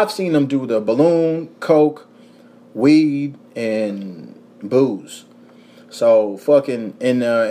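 Young man, Kentucky accent, podcast host, casual storytelling, profane, mid-pitched voice. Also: a little mellow. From Kentucky, USA.

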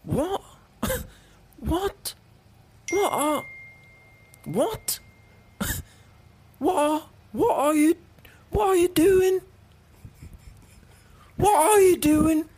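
A man putting on a high, indignant voice to play a British grocery store worker catching a shoplifter. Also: expressive, drawn-out words, long pauses, heavily acted. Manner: shouting, high-pitched and indignant.

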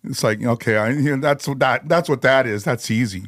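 A man's voice: mid-range voice, brisk, a bit bright, no echo. Rambling man telling stories, dry mic. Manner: rambling, loose, full of "you know" and "like". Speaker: guest musician. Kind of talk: casual storytelling conversation.

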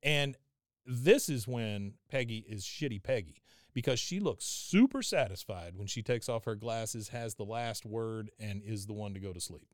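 A man casually recapping a cartoon episode on a podcast, animated and laughing as he acts out lines. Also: fairly low pitch, normal speed, dry recording, studio quality. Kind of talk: casual chat.

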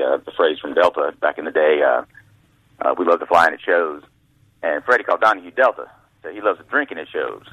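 A former caddy and guest author, this man tells folksy stories in a storytelling interview with a low, husky voice whose pitch swings widely. He slips into other people's voices, and the thin, tinny phone line is dry, with no room echo.

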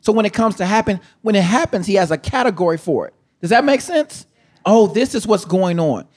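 A high-pitched man co-hosts a live show, unpacking what a guest just said. He speaks with sermon-like emphasis and repeats phrases as he works to drive home each point. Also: expressive, brisk, darkish tone. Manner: emphatic, repeats himself, checks in with listeners. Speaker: podcast co-host. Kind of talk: hype-filled preacherly commentary.

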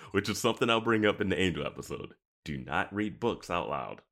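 A young man with a very deep voice that still swings up and down a lot. He chats casually about a TV show, jokes around and laughs often. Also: brisk, gravelly. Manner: animated, jokey, laughs a lot. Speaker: podcast co-host.

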